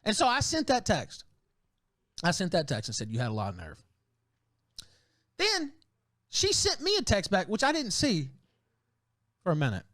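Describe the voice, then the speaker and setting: A man's voice: high-pitched, huge pitch swings, moderate pace, pauses often, fairly bright tone, no echo, clean studio sound. A man telling a story in a rambling way, often breaking into laughter mid-sentence. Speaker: streamer in a played clip.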